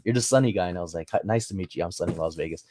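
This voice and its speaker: A man's voice: low voice, very fast, warm tone, slight background noise. A man hosting a casual livestream, telling rambling anecdotes with acted-out exchanges and reading through viewer chat. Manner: reads and answers viewer chat. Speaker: livestream host.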